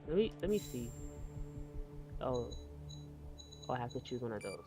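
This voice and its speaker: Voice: mid-range voice, very animated, moderate pace, mellow, soft background music, low-quality recording. A streamer giving casual live commentary on a horror game, jumpy and anxious, talking to themself in slang. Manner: jumpy, anxious, talks to self. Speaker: gameplay streamer.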